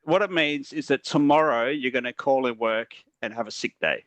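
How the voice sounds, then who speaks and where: A male podcast co-host who walks his friends through slang phrases patiently and step by step. His voice is forceful and bright, heard up close with no room echo. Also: medium pitch, normal speed. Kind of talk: casual chat.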